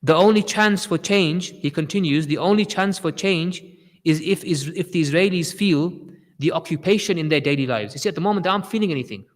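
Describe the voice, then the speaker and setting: A man's voice: a little high, a little fast, long reverb tail. A man delivering a Friday sermon with passion, often repeating his phrases for emphasis. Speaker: preacher giving a Friday sermon.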